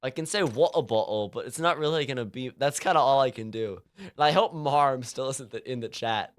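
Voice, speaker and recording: A young man from California, mid-range voice and a little fast, rambles through casual chat while streaming a game. He uses lots of fillers and laughs frequently.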